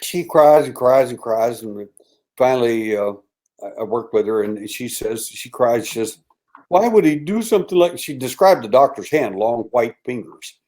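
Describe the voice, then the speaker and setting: Older man telling a story, hushed then lively. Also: medium pitch, moderate pace. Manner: animated storyteller who acts out quoted voices and drops to a hushed tone. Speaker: interview guest. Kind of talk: storytelling in a casual interview.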